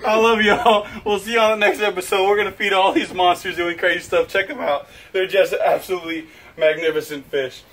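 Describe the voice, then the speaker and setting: A man hosting a casual outdoor fishing vlog by a pond, excitable and laughing a lot. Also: sits high, brisk, poor audio. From South Florida. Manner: excitable, laughs and yelps often. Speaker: fishing vlogger host.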